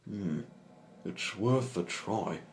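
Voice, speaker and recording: A man's voice: deep voice, animated, drawn-out words, a little hiss or hum, pitched above the performer's own voice, full character voice. Sunshine, a man voicing a small fretful tugboat. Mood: anxious. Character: small discontented young male tugboat. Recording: echoey room.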